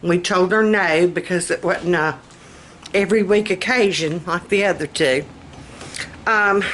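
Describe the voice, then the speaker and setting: A woman's voice: mid-range voice, a bit bright, slight background noise. A middle-aged woman with a Southern US accent, chatting casually to her vlog camera in her kitchen. Her speech is slightly slurred from denture adhesive, and she is folksy and laughs often. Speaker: vlogger. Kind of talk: casual chat.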